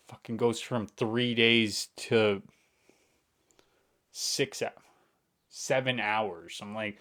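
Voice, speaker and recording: Slow-talking, swearing, angry young man. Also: on the low side, steady tone, fairly bright tone. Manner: swearing, venting angrily, muttering under his breath. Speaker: vlogger. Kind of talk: frustrated rant to camera.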